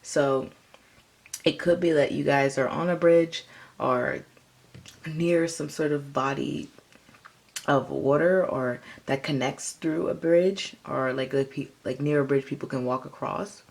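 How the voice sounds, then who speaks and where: A woman's voice: sits low, measured pace, darkish tone. A woman giving a casual tarot reading, rambling with lots of fillers. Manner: rambling, filler-heavy, chatty. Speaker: tarot reader.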